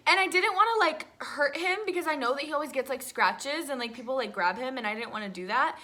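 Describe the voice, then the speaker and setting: A young woman telling an excited storytime vlog, swearing often and filling her talk with "like". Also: high voice, fast, few pauses. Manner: breathless, swearing, lots of "like" fillers. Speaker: vlogger.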